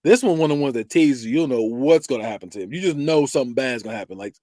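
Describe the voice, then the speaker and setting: Male podcast host, casual and expressive, swearing freely, with a lively, jumpy delivery. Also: mid-range voice, very fast, no room sound, clean studio sound. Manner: animated, laughing, swearing, acting out scenes. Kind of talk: casual movie-review chat.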